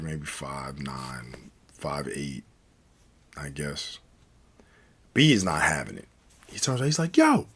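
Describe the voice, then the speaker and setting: An American man telling a story from a night out in a casual, slangy, animated way. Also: extremely low pitch, breathy edge. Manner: animated, slangy, acts out quoted speech. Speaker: storyteller, channel host.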